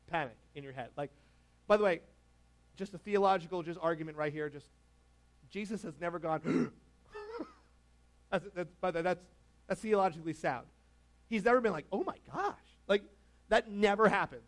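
A man preaching a casual, conversational sermon, laughing often and asking the congregation questions. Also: sits high. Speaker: pastor.

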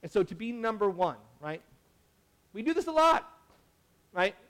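In a high, smooth, fairly bright voice with a sing-song lilt, a pastor preaches at a moderate pace. The sermon is casual and conversational, full of "like" and self-corrections, and he acts out quotes.

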